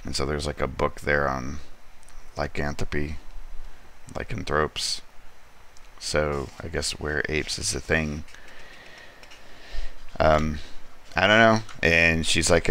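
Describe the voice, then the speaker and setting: A man's voice: extremely low pitch, fairly even intonation, slow pace, long pauses, sharp tone. A man hosting a casual comic book review, rambling through the story with lots of fillers and an amused tone.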